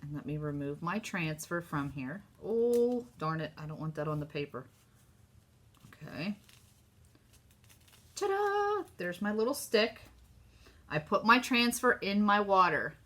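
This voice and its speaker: A woman with a Southern US accent hosting a casual live craft demo, chatty and excitable as she talks to her viewers. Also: fairly low pitch, measured pace, pauses often. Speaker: craft host.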